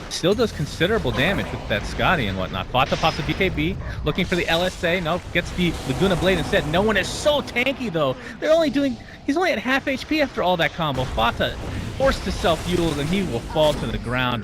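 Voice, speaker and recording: Esports caster guy, lively voice jumping way up at big plays, noisy feed. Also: a little fast. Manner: excitable, rises sharply in pitch at big plays. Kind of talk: play-by-play esports commentary.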